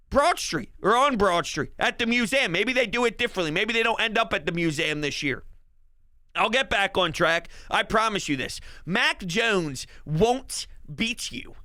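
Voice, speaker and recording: A man hosting a sports podcast, giving excited fan commentary with boastful, hyped talk and bursts of shouting. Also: high voice, no echo.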